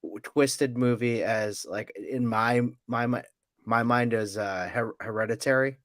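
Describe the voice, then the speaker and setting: A man's voice: mid-range voice, unhurried, no echo. Hesitant young man, dry close sound. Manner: hesitant, trails off with fillers. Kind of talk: casual chat.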